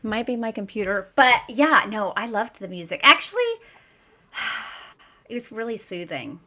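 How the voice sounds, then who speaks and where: Bright-voiced woman on a film chat. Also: a little high, expressive, a little slow. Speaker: podcast co-host. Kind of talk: casual film review chat.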